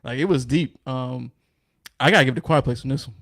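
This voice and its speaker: Gravelly, laid-back man. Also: mid-range voice, fairly quick, fairly bright tone, dry recording, studio quality. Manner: laid-back, easygoing, slangy. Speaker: podcast guest. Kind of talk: casual podcast chat.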